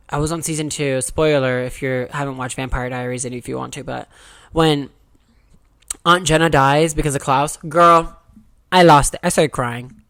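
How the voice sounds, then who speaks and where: A young adult woman talking casually to the camera in a candid diary-style confession, chatty and frank, swearing freely. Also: sits low. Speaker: vlogger.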